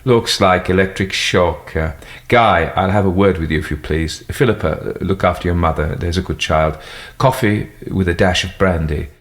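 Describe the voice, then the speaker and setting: A man's voice: sits low, moderate pace, close to an everyday voice. A man reading an audiobook, voicing a brusque, no-nonsense middle-aged male doctor. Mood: brisk.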